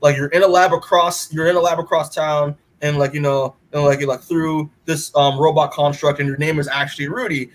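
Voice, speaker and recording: A man's voice: fairly high pitch, flat delivery, brisk, hardly any pauses. A man co-hosting a podcast, recapping a comic issue in a rambling, casual way and acting out the characters' lines, with many fillers. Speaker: podcast co-host.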